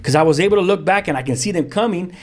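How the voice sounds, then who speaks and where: A man, a pastor telling his own story as a guest in lively, vivid storytelling with street slang and sound effects. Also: high-pitched, rapid-fire. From South Central Los Angeles. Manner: frequent restarts, street slang. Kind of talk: animated storytelling.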